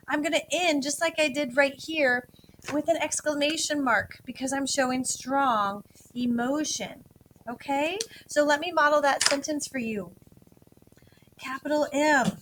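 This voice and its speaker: A woman teaching first graders in a recorded video lesson, speaking slowly and clearly in an encouraging tone. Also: sits high, a bit bright, slight background noise, low-quality recording. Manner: slow, clear, encouraging teacher talk to little kids.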